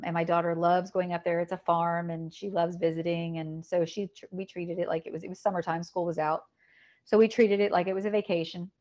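A middle-aged woman telling a painful personal story in a podcast conversation, emotional and halting, often repeating words. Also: lowish voice, a little mellow, muffled recording. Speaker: podcast guest.

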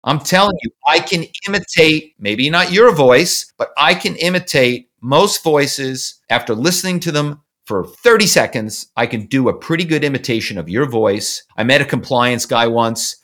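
A man speaking as a podcast guest in a bright, forceful voice. He tells stories emphatically and in an animated way, at a medium pitch, the easy talk of an interview. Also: normal speed, hardly any pauses. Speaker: podcast guest, former corporate spy.

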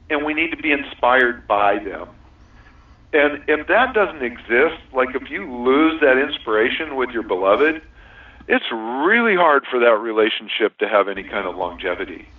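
A man's voice: mid-range voice, animated, moderate pace. A man talking in a casual interview, earnest and reflective, often laughing and restarting his sentences. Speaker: guest sharing a relationship compatibility system. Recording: distant, tinny phone-line sound.

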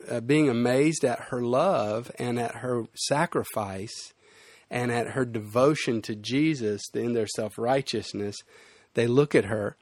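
A man's voice: medium pitch, darkish tone, no room sound. Male pastor, mid-range voice, casual explanatory sermon delivery, dry recording. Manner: conversational and explanatory, with fillers and restarts.

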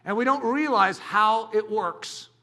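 A man preaching a sermon as a pastor, talking in an animated, dramatic way with bursts of shouting. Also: high-pitched, a little slow.

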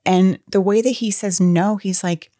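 A woman's voice: medium pitch, fairly even intonation, a little slow, warm tone, no room sound, clean studio sound. A woman co-hosting a podcast, chatting casually about a film with enthusiastic, openly emotional fan talk. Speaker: podcast co-host.

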